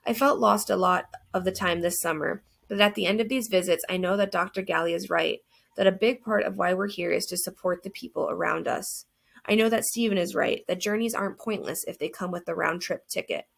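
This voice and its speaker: Low, gravelly woman narrating an audiobook. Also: fairly quick. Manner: earnest, reflective storytelling. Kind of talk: first-person audiobook narration.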